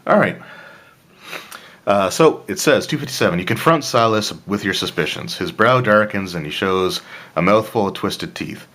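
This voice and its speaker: A man reading a solo tabletop gamebook aloud and adding casual asides, clearing his throat now and then. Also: on the low side, expressive, moderate pace, fairly bright tone. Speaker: player of a solo tabletop adventure.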